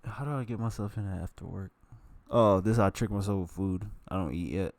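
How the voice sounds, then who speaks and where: A man's voice: low voice, fast, darkish tone, dry recording. A man talking casually to his vlog audience in a candid, rambling and profane way, full of self-mockery. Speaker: vlogger.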